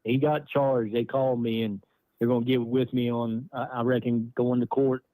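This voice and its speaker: A man's voice: medium pitch, flat delivery, moderate pace, dark tone, poor audio. A man calling in to a podcast, talking plainly and earnestly in casual chat. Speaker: caller.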